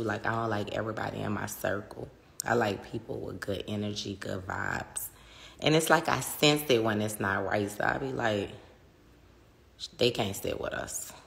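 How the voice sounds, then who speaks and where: A woman's voice: a bass voice, steady tone, normal speed, creaky. A woman in her thirties with a New Orleans accent, chatting casually on a phone livestream, swearing freely and answering her viewers' comments. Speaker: livestream host.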